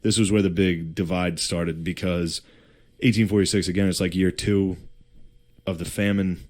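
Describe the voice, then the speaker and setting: Low-voiced man telling history casually. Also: fairly even intonation, moderate pace, darkish tone. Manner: profane, slangy storytelling with put-on quotes and laughter. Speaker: podcast co-host telling history. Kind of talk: casual comedic history chat.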